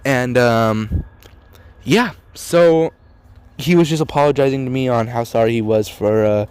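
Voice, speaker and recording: A man's voice: medium pitch, measured pace, darkish tone, smooth, no room sound. A teenage boy telling a story in a casual, rambling way, full of "like" and "dude". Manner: rambling, heavy use of "like" and "dude". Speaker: storytelling vlogger.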